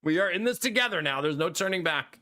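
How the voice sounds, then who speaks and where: A male streamer with a high, bright voice chats loosely with his live viewers. He keeps things easygoing and breaks into laughter often. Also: expressive, fast. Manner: laid-back and chatty, laughing often. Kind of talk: casual chat with live viewers.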